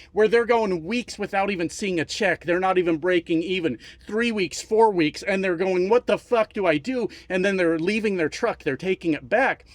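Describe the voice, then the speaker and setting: Man, high-pitched, profane heated rant, dry close sound, casual talk to viewers. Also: no echo. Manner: profane, heated, repeats for emphasis. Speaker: trucking YouTuber.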